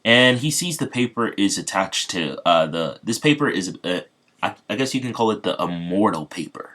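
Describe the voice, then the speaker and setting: Low-voiced man rambling through a fan story. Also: animated, moderate pace, fairly bright tone. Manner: rambling, many fillers and restarts. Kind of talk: casual improvised fan story retelling.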